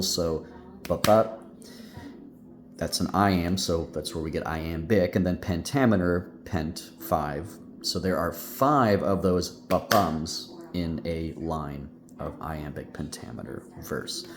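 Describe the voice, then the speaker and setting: A male teacher giving a recorded class lecture, rambling with many fillers and restarts. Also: sits low. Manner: hums out rhythms with "ba ba".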